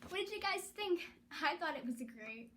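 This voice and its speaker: A woman reads a children's story aloud with lots of expression. Her voice is high and moves up and down freely, keeping young listeners engaged. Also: moderate pace, a little hiss or hum. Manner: animated, expressive.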